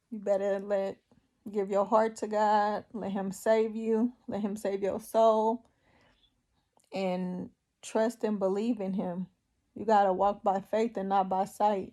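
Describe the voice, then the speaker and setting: Woman vlogger, tearful testimony, slow and halting, flat mellow voice. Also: medium pitch. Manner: slow, emotional, halting, with pauses. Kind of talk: personal faith testimony.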